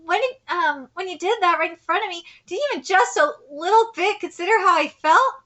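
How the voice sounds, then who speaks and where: A hurt young woman from a comic, pleading and a little hesitant as she confronts her friend, read out by a woman. The voice sits high and bright. It stays soft and unsure. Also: animated, a little fast, heavily acted.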